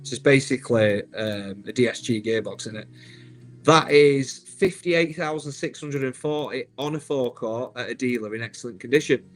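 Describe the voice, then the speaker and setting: A man's voice: mid-range voice, moderate pace, soft background music. A man, hosting a live stream, chatty and upbeat, calling viewers "mate". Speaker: host.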